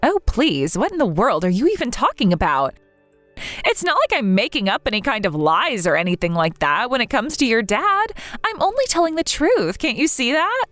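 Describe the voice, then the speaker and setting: A woman's voice: on the high side, sing-song, normal speed, a bit bright, no echo, faint music behind. A woman voicing a snobbish, cruel sister-in-law in a text-message story, speaking in a sneering, sing-song taunt.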